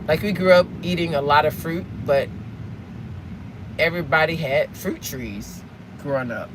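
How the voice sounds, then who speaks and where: A woman's voice: low-pitched, normal speed. A woman from the States, chatting casually and rambling to her viewers while driving, asking them questions now and then. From Southern United States. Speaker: live-streaming vlogger. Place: inside a car in traffic. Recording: clear car road noise behind.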